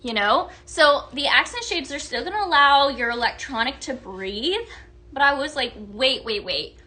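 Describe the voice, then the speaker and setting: A young woman hosting a live-stream sale in a bright, lightly raised voice. She talks in a chatty, gushing way, with filler words, and greets viewers by name as she shows products. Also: high voice, lively intonation, normal speed. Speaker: live sales host.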